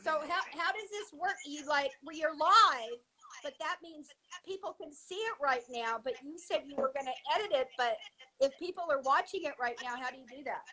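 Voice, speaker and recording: A woman's voice: high-pitched, fairly quick, pushed and bright, rough recording. A woman, an actress guest, chatting casually on a video call, giggly and hesitant with many restarts.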